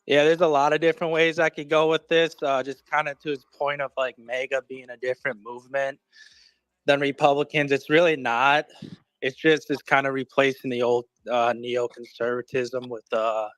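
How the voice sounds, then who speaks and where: A man calls in to a live stream, a little out of breath. He speaks at a measured pace, hedging with small fillers as he builds his point. His voice sits at a middle pitch, and the sound is dry and close. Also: flat delivery, a bit bright, smooth, dry recording. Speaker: caller joining the stream.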